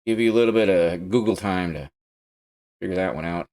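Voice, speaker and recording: This streamer's voice sits low and moves briskly as he gives chatty, excitable commentary on a racing game from his home setup. Crashes set off loud yelps and curses, all caught on a low-quality recording.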